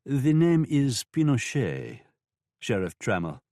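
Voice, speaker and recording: A man voicing a sly, mocking saloon madam with a French accent in an audiobook, speaking slowly and smoothly. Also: mid-range voice, huge pitch swings, warm tone, dry recording, studio quality, pitched above the performer's own voice, heavily acted. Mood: taunting. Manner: smooth, taunting, slow and drawn-out. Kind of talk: audiobook character voice.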